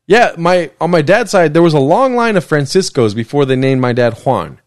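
A young man hosts his solo podcast from a desk in his living room, rambling from joke to joke with plenty of swearing. His pitch swings widely as he slips in and out of mock voices. The sound is close and dry. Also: expressive, moderate pace, dry recording. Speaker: podcast host. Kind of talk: casual solo podcast chat.

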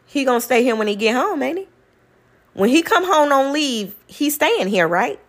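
A woman's voice: high voice, very animated, normal speed, voice pushed up. A woman voicing her indignant older mother-in-law, who challenges and questions her with insistence.

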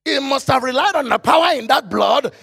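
A man preaching a fervent sermon, quoting scripture in old-style phrasing and breaking into shouts. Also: very high-pitched, expressive, fairly quick, creaky, faint music behind.

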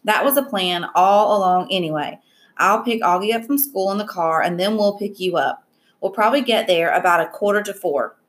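A woman's voice: medium pitch, expressive, normal speed, lightly acted. A woman voicing a protective middle-aged mother who speaks in an anxious, apologetic way. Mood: decisive.

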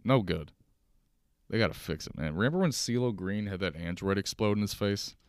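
A young man rambles through stories at his kitchen table, swearing freely and laughing as he goes. His voice sits very low and smooth, and the recording is close and dry with no room sound. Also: fast, dry recording. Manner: loose, profane, rambling with laughs. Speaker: podcast host. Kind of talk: casual solo storytelling. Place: kitchen at home.

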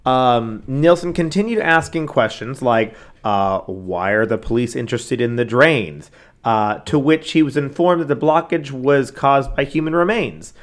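A man's voice: mid-range voice, unhurried. A man co-hosting a casual true-crime chat, talking loosely with many fillers and asides. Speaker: podcast co-host.

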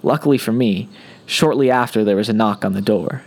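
A man's voice: lowish voice, brisk, vocal fry, a little mellow. A man hosting a podcast, reading aloud from his own comic science-fiction story in a playful, wisecracking manner. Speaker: podcast host and fiction author.

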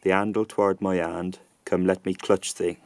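This is a brooding soliloquy in reconstructed Shakespearean pronunciation, put on by a man. He speaks it slowly and deliberately, in a lowish, smooth voice that stays fairly level. The sound is close and dry. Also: flat delivery, a little mellow, no echo. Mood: haunted. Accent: reconstructed early 1600s Southern English. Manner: slow, deliberate dramatic recitation. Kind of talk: dramatic verse reading.

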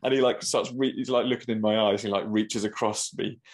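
A man's voice: on the low side, steady tone, brisk. A man in casual chat, telling a story animatedly and acting out the voices of the people in it.

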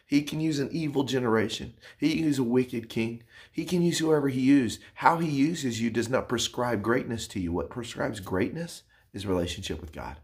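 Earnest, hushed man preaching. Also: on the low side, a little fast. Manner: earnest, pleading, drops to soft hushed tones. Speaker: pastor. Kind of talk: sermon.

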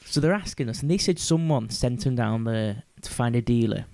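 A man's voice: mid-range voice, a little fast, darkish tone. Chatty man with tag questions. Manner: chatty, checks with tag questions, laughs a lot. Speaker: podcast co-host. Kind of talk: casual chat.

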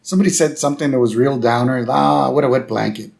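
A man with a gravelly, creaky voice chats through a cartoon recap with his co-host. He sits at a middle pitch and tells stories in a loose, conversational way. He acts out the quotes in short, lively voices. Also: fast, slight background noise. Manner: chatty storyteller, quotes dialogue with voices. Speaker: podcast co-host and teacher. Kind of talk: casual chat recapping a cartoon episode.

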